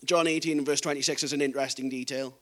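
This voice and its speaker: A man preaching a sermon, reading scripture in a low, quiet voice and building to emphatic, raised passages. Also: fairly even intonation, fast talker.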